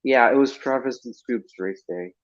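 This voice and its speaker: A man's voice: medium pitch, normal speed. A man hosting a casual voice-chat stream, chatty and enthusiastic, often laughing. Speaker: stream host. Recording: lo-fi online voice chat.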